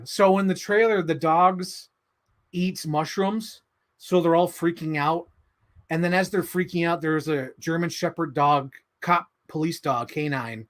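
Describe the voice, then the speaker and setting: Man, livestream host, casual chat, animated, excitable, a bit high-pitched. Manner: animated, excitable, lots of fillers and impressions.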